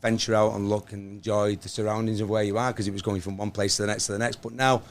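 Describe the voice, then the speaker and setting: A man's voice: fairly low pitch, flat delivery, fast talker. A man with a Liverpool accent, a band member guest, speaking thoughtfully and earnestly in casual chat.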